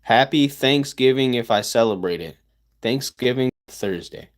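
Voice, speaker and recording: A man's voice: medium pitch, expressive, unhurried. A man, chatting casually with livestream viewers, rambling with stammers and sarcastic asides.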